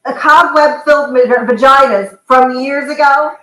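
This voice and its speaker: A high, bright woman's voice that swings widely as she tells stories in a teasing, exasperated way. She is co-hosting a casual podcast with her husband, and her voice has a roomy echo around it. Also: a little slow. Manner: animated, exasperated storytelling. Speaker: podcast co-host. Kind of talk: casual couple banter.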